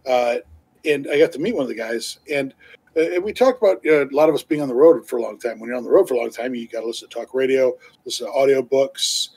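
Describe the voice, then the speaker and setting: On a live stream, a man with a medium-pitched, slightly mellow, somewhat rough voice tells his co-host a long, rambling story at a quick pace. It's casual chat packed with fillers and restarts, and he laughs easily throughout. The recording quality is low.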